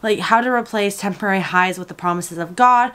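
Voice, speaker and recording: A woman's voice: mid-range voice, a little fast, fairly bright tone, clean tone. A young woman chatting in a casual vlog, gushing and emotional, close to tears. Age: young adult. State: tearful. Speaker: vlogger.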